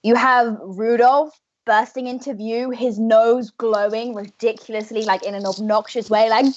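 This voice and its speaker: A woman running a tabletop game as game master, telling the story in a lively, casual way. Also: a little high, a little slow, raised voice, muffled recording, very noisy.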